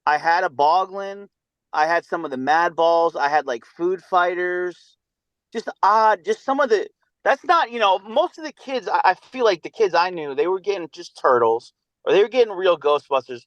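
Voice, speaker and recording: A man's voice: high-pitched, animated, moderate pace, a bit bright, no echo, dull audio. A man in his thirties, a podcast guest, talking casually in a rambling, nostalgic way with many fillers. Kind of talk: casual chat.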